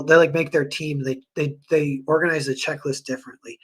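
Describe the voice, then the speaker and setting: A man streaming and chatting casually with viewers, rambling with lots of fillers and animated retellings. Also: a little high, brisk, hardly any pauses. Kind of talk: casual livestream chat.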